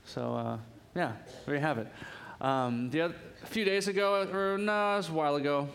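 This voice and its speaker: Congested pastor preaching, slightly high voice. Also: male voice, moderate pace, gravelly, smooth. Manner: lively storytelling with quoted voices. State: congested, sniffly. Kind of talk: sermon with opening prayer. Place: church.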